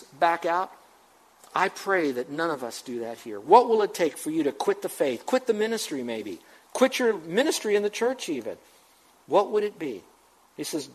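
Guy pastor preaching a sermon, kinda high voice, emphatic, lots of questions at the crowd. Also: low-quality recording.

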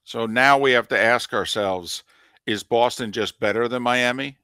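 A man's voice: mid-range voice, normal speed, sharp tone, clear, resonant tone, no room sound, clean studio sound. A man co-hosting a sports radio show, giving emphatic opinions in casual sports talk.

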